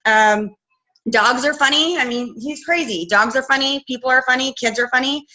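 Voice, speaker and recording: A woman coach in her thirties gives a casual live training talk on a video call, chatty, full of fillers, and quoting herself. Her voice sits high and sharp at a moderate pace, and the audio quality is poor.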